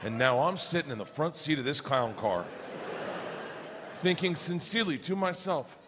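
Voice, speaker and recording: A man doing stand-up storytelling, loud and profane, acting out his family in quick voices. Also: a little high, expressive. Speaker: stand-up comedian. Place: large comedy venue, indoors. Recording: live venue with long reverb and audience noise. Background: crowd laughter and ambience.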